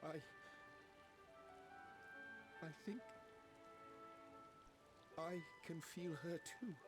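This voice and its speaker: A reserved, gentle scholar in a game cutscene. He speaks slowly and gravely in a slightly high voice, with clear music underneath. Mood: moved, solemn. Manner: measured, grave, halting.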